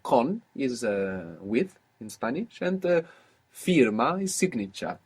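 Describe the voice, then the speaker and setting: A man's voice: medium pitch, sing-song, slow, husky. A man teaching a language lesson, explaining patiently with frequent fillers.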